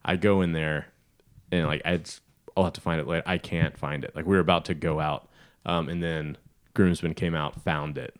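A man's voice: a bass voice, normal speed. A man, co-host of a podcast, telling a long personal story in casual chat, with a joking manner. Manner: joking storyteller, lively retelling.

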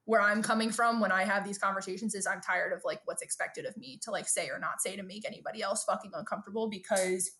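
A woman's voice: mid-range voice, fairly even intonation, fast, few pauses, pushed and bright. A woman in her late twenties with a mid-range voice co-hosts a casual podcast chat. She talks frankly and with emphasis, swears freely, and acts out the lines of people she quotes. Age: late 20s. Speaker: podcast co-host.

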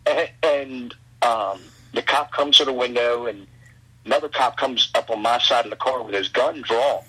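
A man telling a road story as a guest in a casual chat, animated and full of stammered restarts. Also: mid-range voice, moderate pace, husky, low-quality recording. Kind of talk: casual anecdote.

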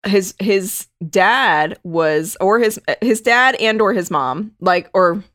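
A woman's voice: medium pitch, animated, slow pace, a bit bright, no echo. A woman co-hosting a podcast in casual chat, joking and rambling with frequent laughs. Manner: jokey, rambling, laughs often. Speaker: podcast co-host.

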